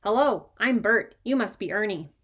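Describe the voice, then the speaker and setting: A woman's voice: medium pitch, lively intonation, normal speed, a bit bright. A woman voicing a bratty, playful four-year-old boy in a storybook reading, with a sing-song, silly manner. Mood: tattling.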